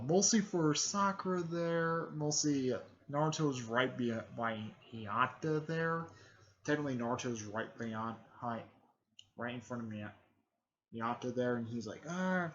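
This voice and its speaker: A man's voice: medium pitch, a bit bright, muffled recording. A man casually recapping an anime fan story, rambling with many fillers and restarts. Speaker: video host.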